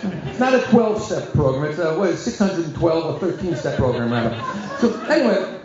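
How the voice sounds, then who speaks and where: A middle-aged man, a rabbi, telling a humorous story to an audience in a chatty, joking way with quick asides. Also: a little high, big pitch swings, crowd noise. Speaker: rabbi giving a guest talk. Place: large echoey room at a community event. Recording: echoey hall, dull lo-fi sound.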